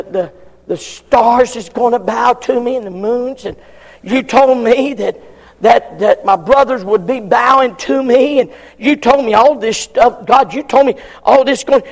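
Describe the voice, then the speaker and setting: A young man in prison pleads with God, complaining and stammering, as a preacher acts him out. The voice is very high and gravelly, with a long hall reverb. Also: full character voice.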